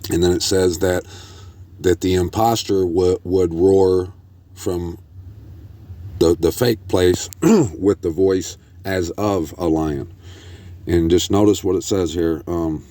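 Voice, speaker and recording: A man hosting a religious commentary video, reading news articles aloud with frequent restarts and halting phrasing. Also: sits low, fairly even intonation, dark tone. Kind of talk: casual scripture commentary.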